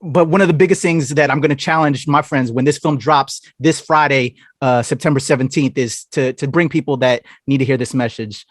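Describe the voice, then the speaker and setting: A man's voice: mid-range voice, brisk, few pauses, no room sound, studio quality. A man from Mississippi hosting an interview, talking in a hyped, slangy way and calling his guest "bro". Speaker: interview host. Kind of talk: casual enthusiastic interview.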